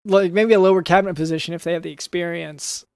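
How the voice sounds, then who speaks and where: A man hosting a comedy podcast, talking in a halting, hesitant way full of fillers and restarts. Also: high voice, steady tone, vocal fry, a little mellow, clear, resonant tone, dry recording, clean studio sound. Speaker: podcast host.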